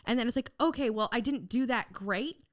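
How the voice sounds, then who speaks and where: This young adult woman, a little high-pitched and fairly quick, is a podcast guest speaking frankly in a casual interview. Animated, she relates stories and plays out people's quoted words, with an occasional offhand swear.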